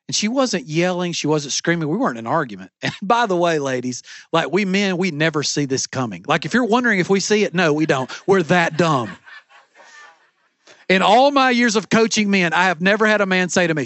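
A man's voice: fairly high pitch, lively intonation, normal speed, fairly bright tone, no room sound. A middle-aged man preaching a sermon as pastor from a church stage, with an emphatic, repetitive cadence.

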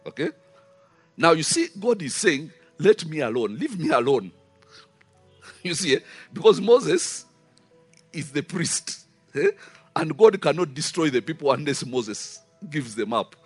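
A man's voice: fairly high pitch, unhurried, pauses often, husky, no echo, soft background music. A man preaching a sermon, emphatic and full of rhetorical questions. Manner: animated, rising and falling emphasis with rhetorical questions.

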